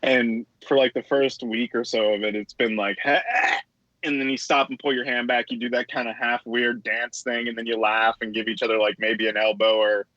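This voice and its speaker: A plumber co-hosting a casual podcast, telling profane stories and acting out the people in them. His voice sits at an ordinary pitch. The recording is dry and a little dull, with no room sound. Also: level tone, moderate pace, bright, forceful tone, no room sound. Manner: profane storytelling, acting out customers. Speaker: podcast co-host. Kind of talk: casual chat.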